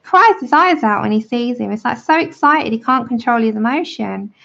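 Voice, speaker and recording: A woman's voice: a little high, expressive, moderate pace, vocal fry, sharp tone. A woman giving a chatty, friendly drawing tutorial on a livestream. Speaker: art tutor. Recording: dull lo-fi livestream audio.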